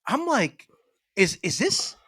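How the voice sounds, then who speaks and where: His voice sits high, slow and a bit rough, with no room sound. The man is a podcast co-host swapping casual chat, telling long, winding stories animatedly and swearing a lot.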